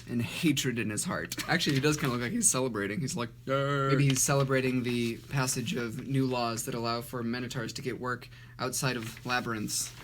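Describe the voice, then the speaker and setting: A man talking casually in a comedic vlog, full of sarcastic, self-mocking remarks. His pitch sits in an ordinary middle range, and he keeps breaking into short laughs between dry jokes. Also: fairly bright tone, slight background noise. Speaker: YouTuber reviewing his childhood drawings.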